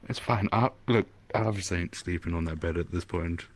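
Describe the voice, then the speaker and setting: A man's voice: sits low, fairly quick. A man chatting casually out of character during a roleplay session, swearing and laughing through playful banter. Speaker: roleplay streamer.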